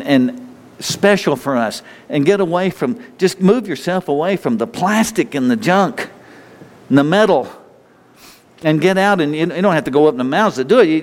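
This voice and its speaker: Us preacher guy, rambly, keeps restarting, slightly high voice, big echoey hall. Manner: rambling, repetitive, with frequent restarts. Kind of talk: informal sermon. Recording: long hall reverb.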